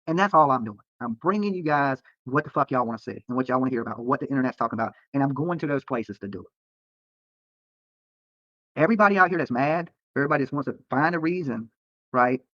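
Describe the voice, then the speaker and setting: Fast, heated man ranting on stream. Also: mid-range voice, lively intonation, no room sound. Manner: profane, heated, repetitive. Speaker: live-streaming YouTuber. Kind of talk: late-night livestream rant. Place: hotel room. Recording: dull lo-fi stream audio.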